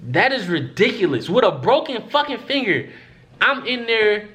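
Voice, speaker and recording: A young male vlogger with a high-pitched voice tells a story to the camera at normal speed. His casual storytelling is animated and profane, and he acts out the voices of what people said.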